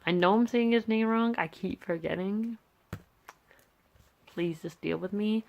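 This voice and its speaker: Gravelly young woman rambling casually. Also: mid-range voice, measured pace, highs cut off. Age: young adult. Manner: rambling, hesitant, many fillers and restarts. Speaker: art vlogger. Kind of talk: casual chat. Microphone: handheld camera.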